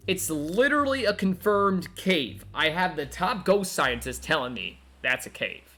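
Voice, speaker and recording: A man's voice: fairly high pitch, sing-song, measured pace, sharp tone. A man from North Carolina streaming a detective game, chatting casually, joking and laughing often. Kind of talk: casual gameplay commentary.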